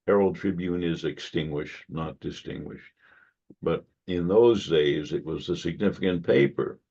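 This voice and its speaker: A man giving a history lecture to a club audience, measured and given to wry asides. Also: deep voice, darkish tone. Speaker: guest lecturer. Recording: dull lo-fi recording.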